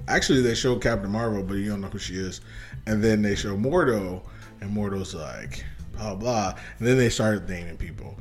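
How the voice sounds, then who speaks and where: A man in casual podcast chat, telling a movie story in an excitable, animated way with swearing. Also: fairly low pitch. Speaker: podcast co-host.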